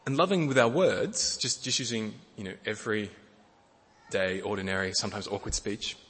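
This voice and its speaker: A middle-aged man preaching a sermon in a gentle way, often repeating words and using fillers. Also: on the low side, moderate pace, slightly rough. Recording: long hall reverb.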